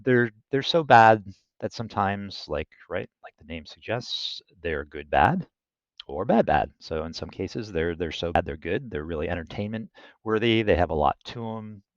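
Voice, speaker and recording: A man's voice: sits low, expressive, normal speed, no echo, highs cut off. A man hosting his own channel, recommending channels in a casual, rambling way with many fillers and restarts. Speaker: channel host.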